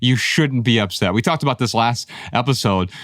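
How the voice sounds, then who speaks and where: A man's voice: mid-range voice, normal speed, a bit bright, no room sound, clean studio sound. A man co-hosting a podcast, speaking reflectively and telling personal stories while acting out quoted lines. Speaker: podcast co-host. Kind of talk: conversational podcast discussion.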